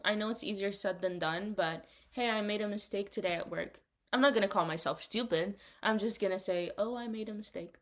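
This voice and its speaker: A young woman co-hosting a casual podcast chat, talking in an earnest, encouraging way. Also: mid-range voice. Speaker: podcast co-host.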